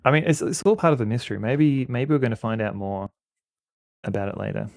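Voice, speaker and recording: Male streamer, gravelly voice, dry close sound, self-mocking banter with stumbles. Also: medium pitch, fairly quick, a little mellow, no room sound. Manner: joking, self-mocking, stammers and repeats words. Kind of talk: casual gameplay commentary.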